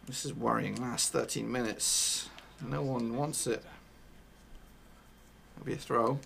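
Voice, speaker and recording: A man commentating his own football video game live, excitable and casual, swearing and talking to his viewers. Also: mid-range voice, slow pace, gravelly, a little hiss or hum. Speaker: gaming YouTuber.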